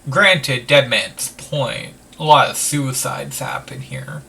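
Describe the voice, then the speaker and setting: A man talks slowly and loosely over a game, filling gaps with "like" and dropping casual swears. His voice is bright and a bit far from the mic, with a faint hiss underneath. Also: mid-range voice, creaky. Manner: rambling, full of "like", swears casually. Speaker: let's play host. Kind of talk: casual gameplay commentary.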